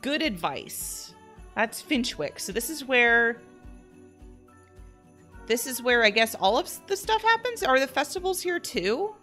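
A woman streaming a life-simulation game, chatting excitedly with her viewers as she plays. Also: a little high, measured pace, long pauses, soft background music. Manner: bubbly, excitable, chatty with chat. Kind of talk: live-streamed game commentary.

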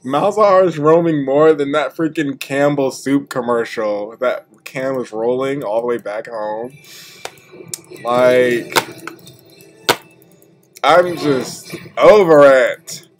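A man's voice: medium pitch, slow pace. A man streaming a video game live, complaining and swearing in casual commentary. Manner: exasperated, profane trash talk. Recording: noisy stream audio with clicks.

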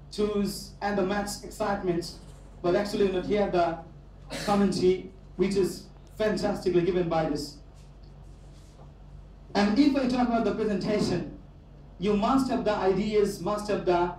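A man with a Bangladeshi accent delivers an emphatic motivational speech to students, driving home his points by repeating them. His voice sits high but sounds mellow and soft-edged. It comes from far off the microphone in a big echoey hall, with faint noise underneath. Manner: emphatic, repeats key phrases. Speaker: guest speaker addressing students. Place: large echoey university hall.

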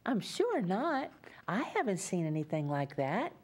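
A woman from Louisiana with a Louisiana accent tells a children's story at story time. Her voice is mellow and swoops up and down in a sing-song lilt as she coaxes little listeners to join in. She takes her time, unhurried and gentle. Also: lowish voice, sing-song. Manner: sing-song, coaxing, speaks to young children.

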